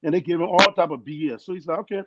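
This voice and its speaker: A young man with a foreign accent tells his story on a podcast call, and his fairly high voice has an earnest, lively drive. The sound is dull and lo-fi, with loud noise underneath. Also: very fast. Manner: earnest, animated storyteller acting out quoted people. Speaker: guest. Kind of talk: casual storytelling.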